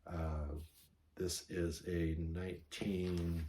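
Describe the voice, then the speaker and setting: A man's voice: low-pitched, level tone, very slow, warm tone, slight background noise. A man vlogging casually about records he found, rambling and correcting himself as he goes, enthusiastic about his finds. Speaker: vinyl record collector vlogger. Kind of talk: casual show-and-tell vlog.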